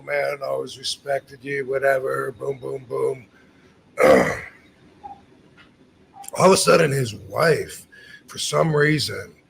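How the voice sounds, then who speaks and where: A man's voice: mid-range voice, vocal fry, pushed and bright, a little hiss or hum. A man in his fifties, from the United States, casually telling a story as a podcast host, acting out quoted lines and swearing freely.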